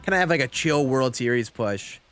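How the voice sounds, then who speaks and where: A man's voice: mid-range voice, lively intonation, fairly quick, fairly bright tone, soft background music. A young man chatting casually on a live game stream, rambling with lots of fillers as he answers chat.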